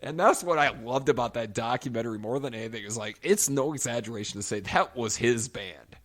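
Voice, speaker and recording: A man's voice: mid-range voice, fairly quick. A man co-hosting a podcast in casual chat, telling stories with lots of swearing and frequent laughter. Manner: animated storytelling, swearing, laughing often. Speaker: podcast co-host.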